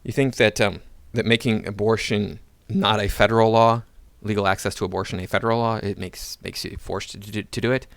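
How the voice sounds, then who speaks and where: A man's voice: lowish voice, steady tone, fairly quick, gravelly, dry recording. A man hosting a commentary channel, reading out an article and mocking it in a sarcastic, ranting way.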